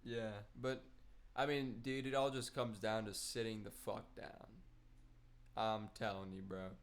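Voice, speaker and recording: A man's voice: fairly low pitch, flat delivery, measured pace. A young man chatting casually while gaming, telling a long rambling story with slang and swearing. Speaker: gaming streamer.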